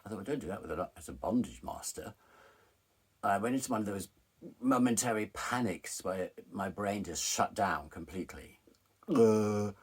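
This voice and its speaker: Middle-aged man, low raspy voice, candid and animated storyteller. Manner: frank, candid, animated retelling. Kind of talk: personal storytelling.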